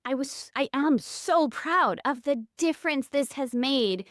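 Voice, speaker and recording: A woman's voice: high-pitched, measured pace, dry recording, studio quality. A woman in her thirties, a podcast guest telling personal stories in an earnest, candid way. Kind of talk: reflective interview conversation.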